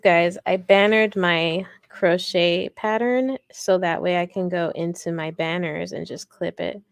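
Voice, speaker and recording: A woman's voice: lowish voice, gravelly, dry recording. A woman hosting a casual livestream crochet tutorial, chatty and rambling, talking directly to her viewers.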